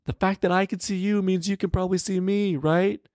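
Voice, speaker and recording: Man in falsetto as a high plaintive princess. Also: flat delivery, brisk, darkish tone, dry recording, clean studio sound, close to an everyday voice. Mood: pleading. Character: exasperated young princess calling out to a man.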